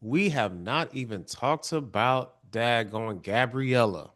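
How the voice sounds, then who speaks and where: A man co-hosting a casual TV recap podcast, talking in an animated way with frequent restarts and repeated words. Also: medium pitch, takes it slowly. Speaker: podcast co-host.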